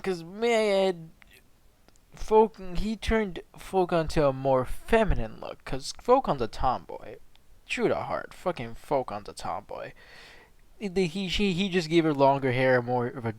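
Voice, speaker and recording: A man's voice: on the high side, lively intonation, unhurried, no room sound. A man casually telling an improvised fan story, rambling and swearing as he talks. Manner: rambling, profane, offhand.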